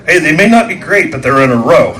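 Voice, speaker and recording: A man's voice: on the high side, very animated, a little fast. A man doing live stand-up, telling rambling stories that repeat words and act out quoted voices, at a small live venue. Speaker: stand-up comedian.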